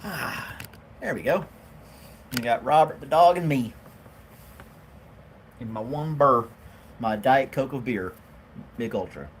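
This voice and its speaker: A livestream host chats through a casual home stream, reading viewer comments in a relaxed, friendly way and laughing at his own jokes. His medium-pitched voice swings lively up and down, and he takes it slowly with frequent pauses. A faint background hiss sits underneath.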